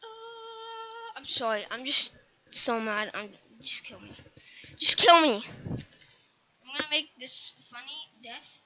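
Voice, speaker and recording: A woman hosting a gaming video, commentating her play and sounding exasperated, with quiet muttering broken by loud outbursts. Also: high voice, expressive, slow, lo-fi sound. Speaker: gaming channel host.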